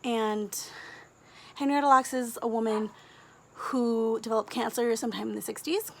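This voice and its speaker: A woman, a book vlogger talking casually to camera, gushing and chatty with quick asides and giggles. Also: fairly high pitch, steady tone, gravelly, a little hiss or hum.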